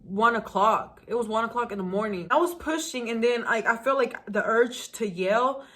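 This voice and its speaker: A young woman vlogger telling a personal story in a candid, animated way. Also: a little high, normal speed. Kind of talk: story time vlog.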